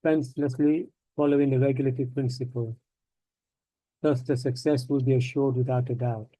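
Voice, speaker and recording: A man reading a scripture commentary aloud in a measured way. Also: mid-range voice, fairly even intonation, dark tone, dry recording. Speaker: student reader. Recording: dry, dull lo-fi sound.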